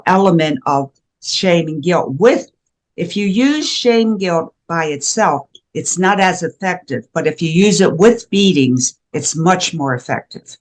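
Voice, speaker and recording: An older woman who is a guest educator, talking in an earnest, emphatic way with frequent restarts during a conversational interview. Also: on the low side. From USA. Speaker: guest, shame and guilt educator.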